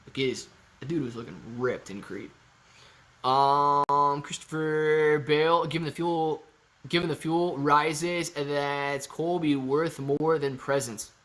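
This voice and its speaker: A man's voice: fairly high pitch, steady tone, slow pace, fairly bright tone. A man hosting a casual livestream, reading viewer comments aloud and answering them in a playful, joking way. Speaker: livestream host.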